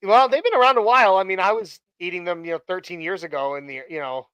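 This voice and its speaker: A man's voice: sits high, fast talker, pushed and bright, clean tone, dry recording, rough recording. A man hosting a casual live stream chat, talking in a rambling way with many fillers and restarts. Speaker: host.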